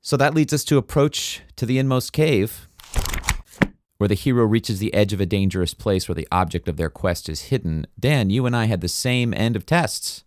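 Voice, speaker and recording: Recapping a movie on a podcast he co-hosts, a man with a voice on the low side talks at a moderate pace. He's a lively storyteller, casually chatting and performing the film's lines between laughs.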